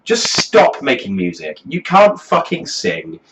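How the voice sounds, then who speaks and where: A man's voice: a little high, huge pitch swings, unhurried, background noise. A man delivering a profane comedic rant as a music review host, swearing constantly in a mocking, exasperated way.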